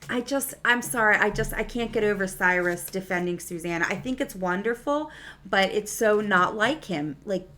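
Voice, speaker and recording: A woman with a medium-pitched, bright, forceful voice casually recaps and reviews a TV episode. She's a TV series reviewer, chatty and enthusiastic, using lots of fillers.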